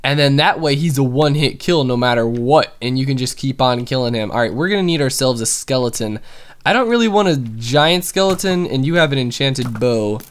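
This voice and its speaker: A young man chatting casually through gameplay commentary, excitable and full of fillers. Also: medium pitch, fairly quick, clear, resonant tone. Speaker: gaming YouTuber.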